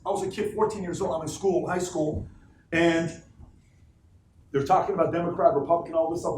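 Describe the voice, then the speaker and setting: A motivational speaker gives a live talk to his team in an office meeting space, telling stories animatedly and emphatically while questioning the room. His voice is on the high side. The recording is echoey and distant, with slight background noise.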